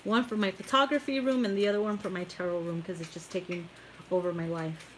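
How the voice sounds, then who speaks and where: A woman's voice: lowish voice, fairly even intonation, fast, slight background noise. Chatty giggly woman reading tarot. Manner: chatty, giggly, swears freely. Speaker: tarot reader. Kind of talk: casual live tarot reading. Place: home tarot room.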